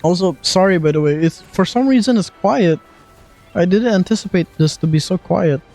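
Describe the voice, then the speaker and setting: A streamer doing casual live gaming commentary, reacting loudly and swearing while playing. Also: mid-range voice, animated, normal speed, faint music behind.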